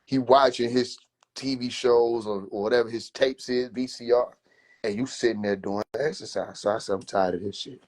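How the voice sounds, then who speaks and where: A man telling a comedic story on a phone livestream in an animated, drawn-out way. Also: mid-range voice. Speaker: livestream host.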